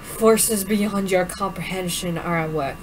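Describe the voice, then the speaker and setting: A woman voicing a stern, cold middle-aged father who gives grave, clipped warnings in a lowered voice. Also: measured pace, very noisy, close to an everyday voice. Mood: ominous.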